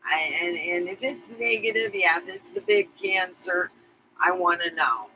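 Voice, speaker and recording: A middle-aged woman speaks straight to her viewers in a confessional vlog. Her voice is sharp and very bright. She rambles candidly and emotionally, with casual swearing. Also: lowish voice, unhurried, a little hiss or hum, rough recording. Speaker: vlogger.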